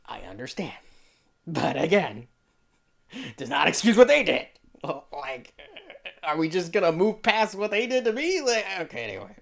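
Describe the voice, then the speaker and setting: A man's voice: a little high, very animated, normal speed, creaky, pauses often, a bit bright. A young man giving casual reaction commentary, defensive, laughing often and saying "bro" a lot. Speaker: YouTuber reacting to a video.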